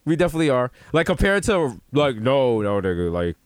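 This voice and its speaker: A man's voice: mid-range voice, sing-song, a little fast, dry recording. A man co-hosting a podcast in casual comedic chat, riffing and slipping into mock-posh bits. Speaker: podcast co-host.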